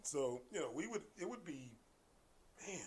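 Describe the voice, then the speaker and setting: A man spinning stories as a podcast guest in relaxed conversation. His voice sits a touch high, and he drops to hushed asides before bursting out loud again. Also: normal speed, a little hiss or hum. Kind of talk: casual storytelling in conversation.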